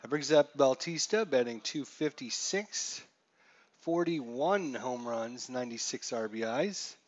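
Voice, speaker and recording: A man's voice: medium pitch, lively intonation, a little slow, lo-fi sound. Chatty man calling a simulated ballgame. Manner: chatty, reels off stats, rises for big plays. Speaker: streamer playing a baseball simulation. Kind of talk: casual play-by-play commentary.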